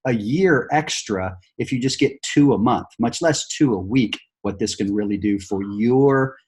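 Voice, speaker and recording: A man with a slightly husky voice leads a sales training session. He switches between coaching his team and acting out a pitch to a customer. His delivery is upbeat and encouraging, full of fillers and restarts. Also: a little slow.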